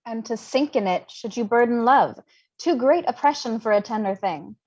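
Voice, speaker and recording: A young woman reading the part of Mercutio, a witty, mocking young man, in an unrehearsed livestreamed Shakespeare reading, with brisk and playful delivery. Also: fairly high pitch, darkish tone, slightly rough, lo-fi sound. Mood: teasing. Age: young adult. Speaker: volunteer reader.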